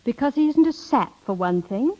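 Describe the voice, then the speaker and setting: An actress playing a proud, principled young secretary in a vintage radio drama, with a brisk, spirited delivery. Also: female voice, a little high, lively intonation, a little mellow. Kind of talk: 1940s radio acting. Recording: muffled old radio recording with music.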